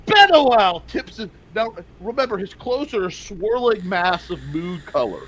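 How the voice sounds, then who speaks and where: A game master narrating a tabletop game with an animated delivery that often restarts in the middle of a phrase. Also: medium pitch, normal speed, husky, rough recording.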